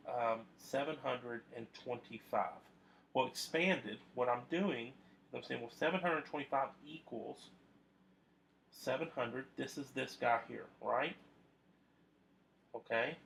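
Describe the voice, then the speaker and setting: A man teaches a math lesson to camera in a loose, conversational way, filling pauses and restarting his sentences. His voice is heavily gravelly with lots of fry, sitting at an average pitch for a man. A faint hiss runs under the recording. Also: a bit bright. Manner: conversational, with frequent fillers and restarts.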